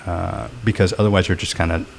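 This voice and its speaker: A middle-aged man with a deep, low voice talks through his experiences as a podcast guest. He rambles reflectively, stacking up fillers and restarts. A faint hum sits under the recording. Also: fairly even intonation, fast, gravelly. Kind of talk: casual podcast chat.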